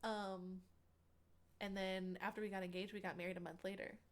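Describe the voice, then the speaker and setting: Young woman rambling through a story, lots of "like", mid-pitched, acts out what people said. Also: level tone, normal speed. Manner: chatty, many "like" fillers, acts out quotes. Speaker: interview guest. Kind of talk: casual storytelling.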